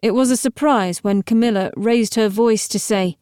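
Woman narrating a dark audiobook. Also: fairly high pitch, clean tone, dry recording, clean studio sound. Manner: steady, measured storytelling. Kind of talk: scripted narration.

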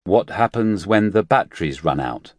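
A man's voice: low-pitched, animated, normal speed, no room sound, studio quality, pitched above the performer's own voice. A man voicing a curious, bewildered man out of his time, asking earnest, inquisitive questions.

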